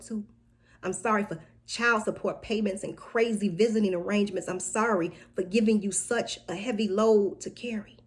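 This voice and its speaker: A woman reciting a spoken word poem about love and apology, slow and deliberate, sometimes dropping to a soft whisper. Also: mid-range voice.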